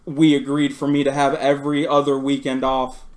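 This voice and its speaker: A man's voice: medium pitch, normal speed. A man on a podcast retelling a workplace blowup, swearing freely and laughing as he goes. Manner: profane, animated, laughs while retelling. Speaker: podcast co-host. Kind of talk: casual storytelling chat.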